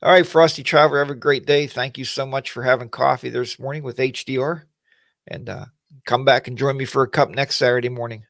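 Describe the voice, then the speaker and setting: Gravelly, folksy livestream host. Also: male voice, medium pitch, steady tone, fairly quick, fairly bright tone, no echo. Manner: rambling, folksy, greets viewers by name. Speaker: host of a weekly livestream chat. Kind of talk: casual livestream chat.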